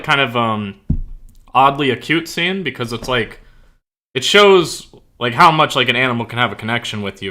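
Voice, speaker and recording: A man's voice: mid-range voice, bright, forceful tone. A man streaming and chatting casually, rambling with lots of "like" fillers and self-corrections.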